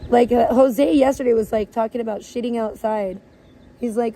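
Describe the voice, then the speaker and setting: A woman live streamer ranting in blunt, crude, gossipy chat and sometimes breaking into high playful chants. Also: moderate pace, a little mellow. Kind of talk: casual IRL livestream chat.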